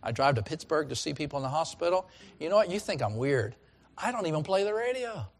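A middle-aged man preaching a sermon as pastor, swinging from loud calls to hushed lines. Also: fairly high pitch, sing-song, fast.

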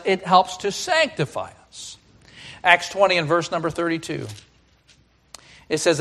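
A middle-aged man preaches a sermon from the pulpit. He rises to loud, emphatic declarations, then drops to quiet, hushed asides as he tells a personal story. His voice sits a touch higher than most men's. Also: measured pace. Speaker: pastor.

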